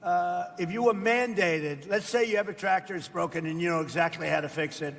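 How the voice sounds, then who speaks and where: A man's voice: sits high, a little fast, vocal fry, fairly bright tone, in a large hall. An older American man speaking off the cuff at a roundtable, rambling and boastful, repeating his phrases. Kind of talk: off-the-cuff speech. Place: indoor event hall.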